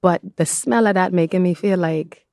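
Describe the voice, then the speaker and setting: A woman's voice: lowish voice, moderate pace, vocal fry, darkish tone, dry recording, studio quality. A young woman from the Bahamas with a Bahamian accent, chatting animatedly and laughing as a podcast guest. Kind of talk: casual chat.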